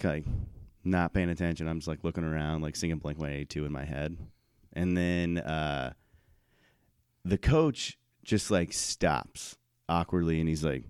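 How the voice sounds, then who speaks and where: Deep-voiced laid-back man, dry mic. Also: darkish tone, clear, resonant tone, no echo. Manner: laid-back, laughs often. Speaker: podcast co-host. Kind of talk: casual storytelling chat.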